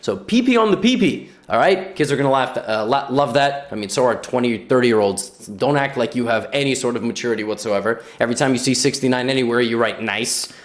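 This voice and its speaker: A man's voice: mid-range voice, steady tone, fast talker, hardly any pauses. A man giving comedic chess commentary, teasing and sarcastic, breaking into shrieks of disbelief at blunders. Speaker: chess commentator and channel host.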